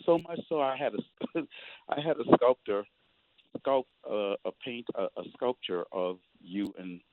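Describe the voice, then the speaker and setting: A man's voice: medium pitch, expressive, moderate pace, dry recording. A man calling in to a radio show, effusive and emotional, stopping and restarting as he thanks the guest. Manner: effusive, emotional, starts and stops. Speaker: caller. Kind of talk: call-in radio. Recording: tinny phone line.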